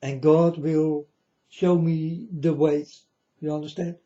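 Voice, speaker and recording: Slow, dark-voiced man preaching to viewers. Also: fairly high pitch, level tone, dull audio. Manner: slow, repetitive, keeps asking "you understand?". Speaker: channel host. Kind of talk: religious monologue to viewers.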